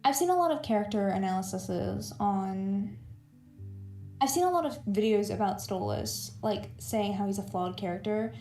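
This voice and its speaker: Sleepy woman streamer, halting rambling chat, roomy echo, faint music behind. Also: mid-range voice, lively intonation, dark tone. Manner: halting, rambling with many fillers. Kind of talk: casual chat while drawing.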